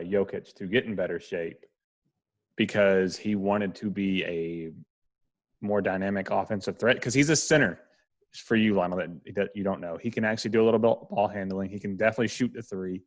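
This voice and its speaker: A man with a somewhat low voice breaks down basketball players for his co-host. His talk is relaxed and knowledgeable in a casual podcast chat. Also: normal speed.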